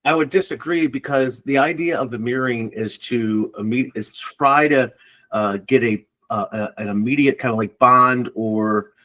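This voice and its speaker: A man's voice: medium pitch, normal speed, sharp tone. A man who works as a recruiter, a guest on a casual podcast interview, answering in a rambling, hesitant way with many fillers.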